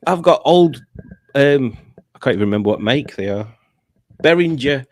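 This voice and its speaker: A man hosting a casual chat show, reading out viewer comments and laughing often. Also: lowish voice. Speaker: podcast host.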